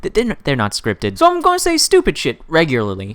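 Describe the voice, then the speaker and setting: A man in his twenties ranting in an unscripted vlog, rambling and sarcastic, with sudden jumps in pitch. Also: wildly swooping pitch, fast, hardly any pauses, a bit bright, dry recording. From Canada. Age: 20s. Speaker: gaming YouTuber.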